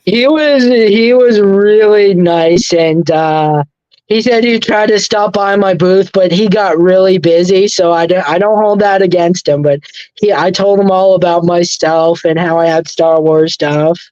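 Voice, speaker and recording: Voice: medium pitch, unhurried, darkish tone, clear, resonant tone, no room sound. A speaker chatting casually in an easygoing way, often laughing. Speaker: podcast co-host. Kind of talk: casual chat. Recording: dull, lo-fi dry recording.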